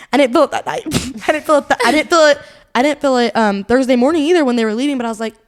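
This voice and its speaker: A woman's voice: fairly high pitch, fast talker. A young woman, co-hosting a podcast and telling a long personal story in rambling, casual chat full of fillers and laughs. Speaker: podcast co-host.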